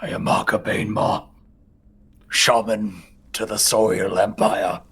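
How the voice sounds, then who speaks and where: A man voicing a proud male saurian cleric who makes deep, deliberate boasts. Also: little pitch movement, gravelly, a bit bright, slightly rough, full character voice. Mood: boastful.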